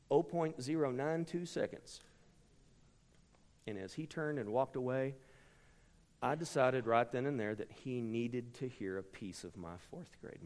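A middle-aged man preaching a storytelling sermon, with a dramatic delivery that swings from hushed asides to sudden shouts. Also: mid-range voice. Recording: long reverb from a large hall.

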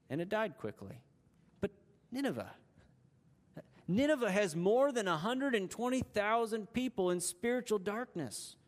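A man voicing God in a sermon, asking measured, reasoning questions. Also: high-pitched, pitched above the performer's own voice. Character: patient God, gently questioning. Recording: long hall reverb.

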